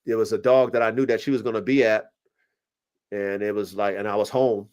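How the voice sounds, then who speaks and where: A man with a lowish voice talks fairly quickly as he hosts a casual livestream podcast. He tells rambling, profane stories with plenty of energy and animation.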